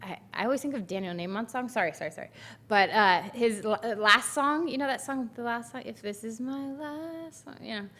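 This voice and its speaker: A woman's voice: on the high side, a little fast, sharp tone. A woman minister giving a Sunday talk in a rambling, chatty, self-deprecating way, speaking into a microphone in a church. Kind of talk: sermon. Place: church sanctuary.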